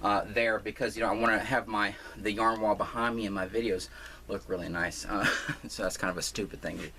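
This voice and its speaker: A man's voice: fairly low pitch, fairly even intonation, fairly quick, sharp tone. A man chatting casually while he rearranges a room at home, rambling with lots of fillers and restarts and poking fun at himself. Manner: self-deprecating. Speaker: crafting vlogger. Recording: noisy home recording.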